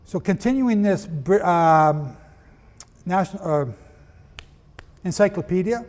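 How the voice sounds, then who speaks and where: Male preacher, high voice, emphatic and questioning, long hall reverb. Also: expressive, slow, pauses often, a little mellow. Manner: emphatic, asks the audience questions. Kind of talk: preaching lecture with readings.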